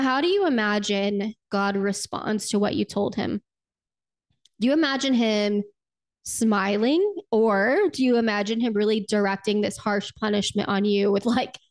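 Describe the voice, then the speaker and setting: A woman hosting a faith podcast, talking earnestly and conversationally, often asking "right?" and slowing down to stretch her words for emphasis. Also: medium pitch. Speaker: podcast host. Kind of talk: faith podcast talk with guided prayer.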